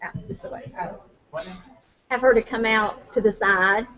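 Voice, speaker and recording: Teacher lady quickly telling kids where to stand, dull lo-fi sound. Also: a little high, fairly even intonation, pushed and bright. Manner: quick directions to children.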